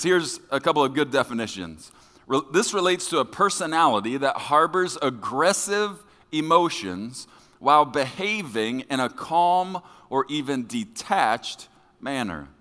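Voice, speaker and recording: A man preaching a sermon as pastor to his congregation, joking with them in a lively, conversational way. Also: medium pitch, unhurried. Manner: lively, joking with the congregation, acting out quoted voices. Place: church sanctuary. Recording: long hall reverb.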